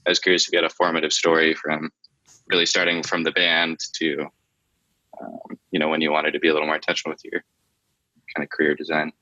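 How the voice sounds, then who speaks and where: Deep-voiced guy asking a question, polite, kinda hesitant, dull lo-fi sound. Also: completely flat delivery, fast, pushed and bright, dry recording. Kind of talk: casual Q&A.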